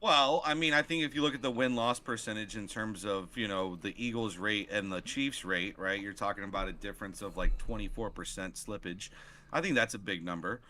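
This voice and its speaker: Man, sports podcast co-host, casual, bright tense voice, analytical, halting. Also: lowish voice, a little hiss or hum.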